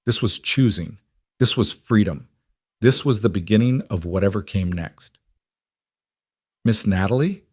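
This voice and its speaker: A man with a low voice narrates a scripted story in a measured, gentle way. The recording is dry and close, with no room echo. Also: breathy edge.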